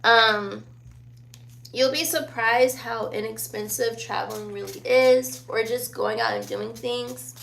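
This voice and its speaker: A woman's voice: a little high, fairly even intonation, slow pace, creaky, fairly bright tone. A woman in her twenties with a youthful-sounding voice, chatting casually and laughing often as she answers viewer questions. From born in Virginia, raised in Sicily and Germany. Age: 20s. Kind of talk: casual chat.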